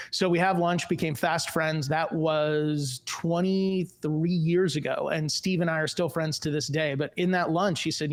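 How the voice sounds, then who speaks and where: A man's voice: on the high side, normal speed. Upbeat man telling his life story. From US Midwest, Chicago suburbs. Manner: lively storyteller, acts out quoted dialogue. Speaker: guest, tech company executive. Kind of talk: podcast interview storytelling.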